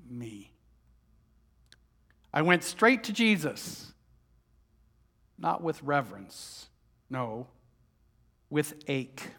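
A man telling a story as a first-person dramatic monologue, moving between hushed, heavy lines and heated outbursts. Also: on the high side.

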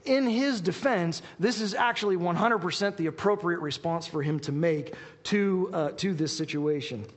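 A high-voiced male pastor preaches quickly and with animation, reading scripture aloud and often restarting his sentences. His voice rings through a reverberant church hall. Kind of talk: sermon with Bible reading.

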